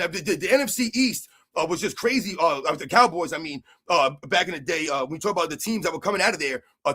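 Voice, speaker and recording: A middle-aged man hosting a sports channel, rambling excitably in a casual rant to his viewers and saying "man" constantly. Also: high-pitched, breathy edge.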